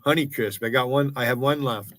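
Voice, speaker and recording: A man's voice: medium pitch, fairly quick, a bit bright, no room sound. A man in his sixties with an American accent, ranting angrily and profanely on his livestream. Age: 60s. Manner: profane and confrontational. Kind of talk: angry livestream rant.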